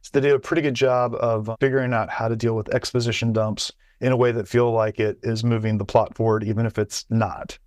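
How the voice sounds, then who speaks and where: Man, casual podcast co-host, mid pitch, dry close mic, stumbles and repeats himself. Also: little pitch movement, brisk, hardly any pauses, a little mellow, no room sound. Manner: chatty, many restarts and repeated words. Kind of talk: casual chat.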